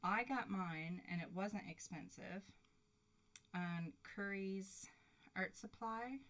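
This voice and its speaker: A woman hosting a live crafting stream, excitable and giggly as she chats to her viewers. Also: medium pitch, slow pace. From Canada. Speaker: craft livestream host. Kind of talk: live crafting demo chat.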